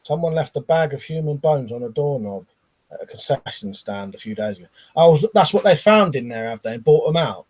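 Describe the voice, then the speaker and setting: A British man hosting a casual live stream, reading out viewer comments and chatting with a laugh, often trailing off into quiet asides. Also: medium pitch, lively intonation, a little fast, rough recording. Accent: British English. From Britain.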